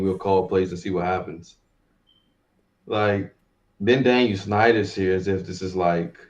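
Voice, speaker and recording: Man, sports talk co-host, low voice, fed up, grumbling, dull lo-fi recording. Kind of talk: post-game sports talk. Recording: dull lo-fi sound.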